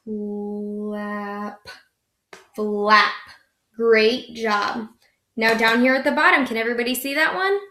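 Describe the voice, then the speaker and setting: A young woman teaching young children a phonics lesson, slow and encouraging, stretching out each sound. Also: on the high side, animated, bright, forceful tone, reverberant.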